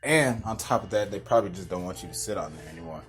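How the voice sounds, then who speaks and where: A man's voice: low-pitched, lively intonation, fast, a bit bright, faint music behind. A young man hosting a podcast, telling a rambling, laid-back story with restarts and chuckles. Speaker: podcast host. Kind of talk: casual storytelling monologue.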